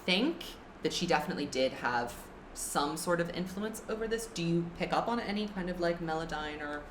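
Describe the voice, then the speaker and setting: A woman hosting a casual chat about live singing, chatty and quick to agree, with frequent fillers. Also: lowish voice. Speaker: host. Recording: echoey room with steady background noise.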